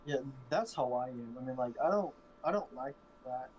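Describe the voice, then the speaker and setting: A man's voice: mid-range voice, expressive, normal speed, darkish tone, dull audio, slight background noise. A man in a casual chat, mostly chiming in with short, profane reactions. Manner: brief profane backchannel reactions.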